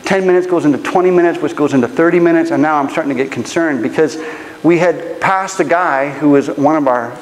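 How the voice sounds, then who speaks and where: A man preaching a sermon, telling a personal story in an animated, humorous way. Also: fairly high pitch, brisk, big-room sound, poor audio. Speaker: pastor. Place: church auditorium.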